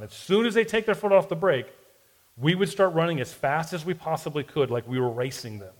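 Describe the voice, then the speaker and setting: A man's voice: medium pitch, rough recording. A man in his forties telling a self-deprecating personal story in a sermon-style podcast, with a Southern US accent. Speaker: pastor.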